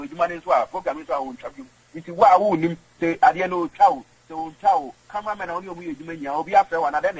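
A man's voice: on the high side, husky, low-quality recording. A Ghanaian man being interviewed, rambling and emphatic, often repeating himself. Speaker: guest. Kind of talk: casual interview chat.

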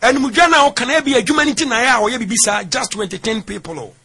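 A Ghanaian man hosts an interview and teases his guest with questions. His voice is high, bright and a little husky. He talks fast, with a lively, swinging pitch. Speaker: host. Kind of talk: conversational interview.

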